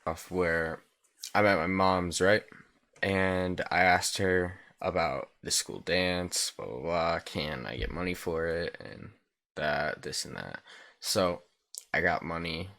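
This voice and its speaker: Deep-voiced teen guy telling a story. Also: slow pace, fairly bright tone. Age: teenager. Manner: rambling, swears freely, fills with "like". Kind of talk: casual storytime vlog.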